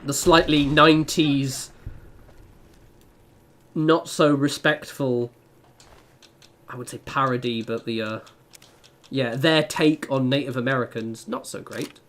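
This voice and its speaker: A man's voice: mid-range voice, takes it slowly, pauses often, a bit bright. A young man chatting casually while playing a game on stream, rambling with lots of fillers and self-deprecating asides. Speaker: gaming streamer.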